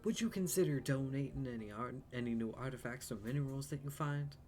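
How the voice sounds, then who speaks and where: A man's voice: medium pitch, darkish tone, faint music behind, natural voice. A man doing a courteous Southern museum curator. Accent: light Southern US, put on. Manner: courteous, inviting, measured reading. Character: polite male museum curator, scholarly. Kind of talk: reading game dialogue aloud.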